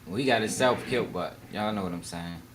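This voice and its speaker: A man's voice: low voice, fairly quick, noisy background. A man giving casual, slangy live reaction commentary, talking freely and laughing along. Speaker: reaction streamer.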